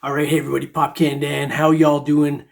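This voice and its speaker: A middle-aged man with a voice that sits a little high talks loosely to camera about his hobby. He jokes, rambles and leans on fillers, and faint ambient sound hangs behind him. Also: monotone, fairly quick, creaky, background noise. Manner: laid-back, joking, rambling with many fillers. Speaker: metal detecting vlogger. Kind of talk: casual chat to camera.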